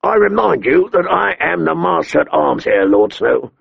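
A sharp-tongued, cold master-at-arms who sneers at his pupils with cutting contempt, put on by a man reading an audiobook. The voice is a touch raised above the reader's own, with a gravelly edge. The recording is dry and a little dull. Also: on the high side, very animated, normal speed, no echo, voice pushed up, heavily acted. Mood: cold taunting. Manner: taunting, mocking. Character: cold, cruel middle-aged male master-at-arms.

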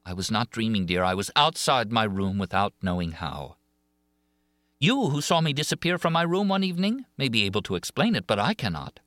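A man's voice: on the low side, sing-song, fairly quick, a bit bright, no echo, studio quality. A man reading an audiobook of a classic novel, voicing a haunted, pleading young woman singer with emotive swings of feeling. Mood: insistent. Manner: emotive, rising and falling with feeling.

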